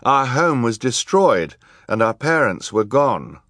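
A man's voice: mid-range voice, very animated, slow, fairly bright tone, dry recording, studio quality, voice pushed up, heavily acted. A man doing a worried, earnest teenage boy.

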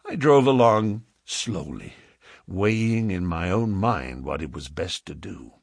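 Gravelly low-voiced male storyteller. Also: lively intonation, a little slow, no echo, clean studio sound. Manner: dramatic storytelling reading. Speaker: audiobook narrator. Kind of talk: scripted first-person narration of a classic novel.

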